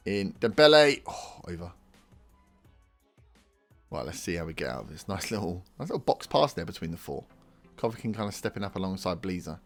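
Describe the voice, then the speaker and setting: A young man with a low-pitched voice narrates his football management game for his YouTube channel in a relaxed let's-play style. As the match plays out, he grows excited and speaks directly to his players.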